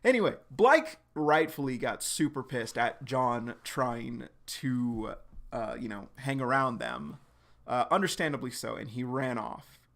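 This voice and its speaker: Gravelly young man recapping casually. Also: medium pitch, animated, unhurried, a bit bright. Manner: loose, slangy, full of "like" and swearing. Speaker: streamer reacting to a webcomic. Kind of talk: casual recap and live reaction.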